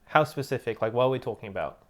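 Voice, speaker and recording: Very low-voiced Irish woman, dry and teasing. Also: expressive, quick pace. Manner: dry, teasing, matter-of-fact. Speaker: podcast co-host. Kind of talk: casual chat.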